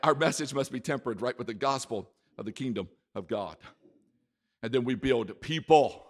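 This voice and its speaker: A male pastor delivers an emphatic sermon, repeating key words and letting his volume swing from hushed to loud. His mid-pitched voice moves animatedly up and down. The sound carries the long reverb of a church hall. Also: animated, moderate pace.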